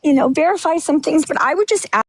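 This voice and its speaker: A fast-talking woman with a high voice and lively intonation hosts a livestream, speaking bluntly and emotionally. Her candid monologue meanders and restarts, and she comes across as a little out of breath.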